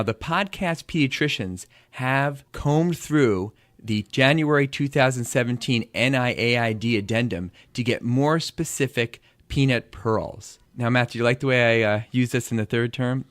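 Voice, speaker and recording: A man's voice: mid-range voice, fairly bright tone, no room sound. A middle-aged American man, a pediatrician co-hosting a podcast, who walks through study figures at length with dry jokes in casual chat. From United States. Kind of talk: casual chat about medical research.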